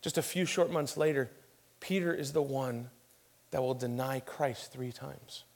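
A middle-aged man preaching a sermon as pastor, telling stories with lively emphasis and dropping to a hushed tone for scripture. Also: medium pitch, measured pace. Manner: animated storytelling with acted quotes, then quiet and hushed for scripture.

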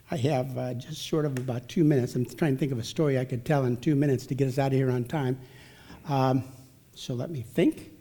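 A man's voice: mid-range voice, steady tone, normal speed, mellow. A man speaking at a church family event, telling a humorous, self-deprecating story and drawing a scriptural lesson from it in a folksy, chatty way.

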